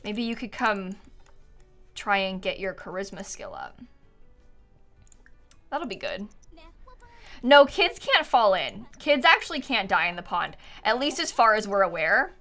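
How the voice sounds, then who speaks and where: Faint music plays behind a twenty-something woman who chats and giggles on a live game stream while playing a life-sim game, frequently breaking into laughter. Her medium-pitched voice is pushed and bright, very animated yet measured in pace, with long pauses.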